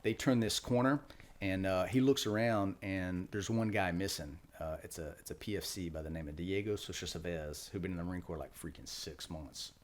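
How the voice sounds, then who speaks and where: Middle-aged guy, ex-marine, real low voice, just tells it straight, lots of uh and like. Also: normal speed, slight background noise. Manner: matter-of-fact, loose, with fillers and restarts. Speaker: podcast guest, retired Marine. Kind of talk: casual storytelling interview.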